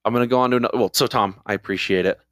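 A man's voice: medium pitch, steady tone, very fast, fairly bright tone, dry recording, clean studio sound. A man co-hosting a casual podcast, telling stories and reading listener reviews aloud. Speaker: podcast co-host.

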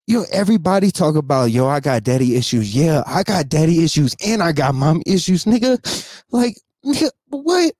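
A man in his thirties vlogs an emotional, unscripted rant to the camera in a slightly high, slightly mellow, very animated voice at a moderate pace. He swears, repeats himself, sighs, gets teary, and keeps asking if you know what he means; studio-quality audio with no room sound.

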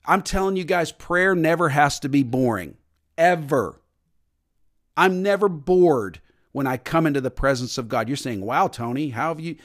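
A man's voice: fairly high pitch, lively intonation, moderate pace. A man preaching a sermon as pastor, emphatic and repetitive, sometimes mimicking stiff formal prayers.

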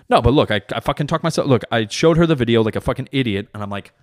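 A young man hosting a podcast, telling a comedic monologue in a profane, animated way with sudden loud bits. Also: medium pitch, quick pace, few pauses. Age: young adult. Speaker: podcast host.

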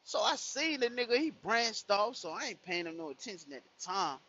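A man's voice: sits high, very animated, fairly quick, sharp tone, lo-fi sound. A young man telling a profane story in casual chat from his car, full of "you know what I'm saying". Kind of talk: casual storytelling while driving.

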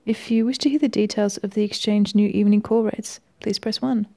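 A woman's voice: mid-range voice, fairly even intonation, fairly quick, gravelly, warm tone. A woman reading out the options of an automated phone menu in a bland, recited way.

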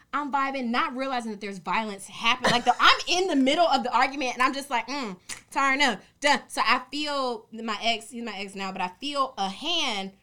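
A young adult woman co-hosting a podcast, telling animated, profane stories in casual chat. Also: sits high. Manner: animated storytelling, heavy swearing. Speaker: podcast co-host.

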